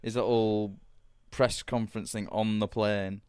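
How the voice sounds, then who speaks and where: A man from Britain co-hosting a podcast in casual chat, measured and given to explaining his reasoning. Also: fairly low pitch, flat delivery, a little mellow, smooth, no echo, clean studio sound. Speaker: podcast co-host.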